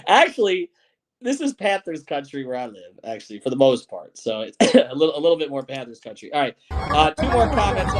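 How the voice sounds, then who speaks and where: A man's voice: a little high, big pitch swings, loud music behind the voice, a loud crowd. A middle-aged man hosting a sports podcast postgame show, talking bluntly and swearing while telling stories. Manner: blunt, profane, fast storytelling.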